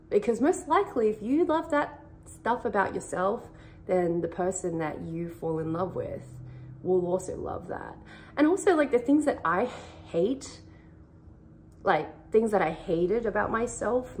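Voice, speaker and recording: A woman's voice: medium pitch, mellow, a little hiss or hum. A young woman, casually giving faith-based advice in an earnest, rambling way, saying "like" a lot. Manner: earnest, rambling, heavy use of "like". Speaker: vlogger.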